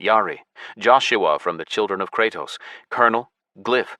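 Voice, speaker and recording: Male audiobook narrator, low forceful voice, dry close studio sound, measured first-person reading. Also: no room sound.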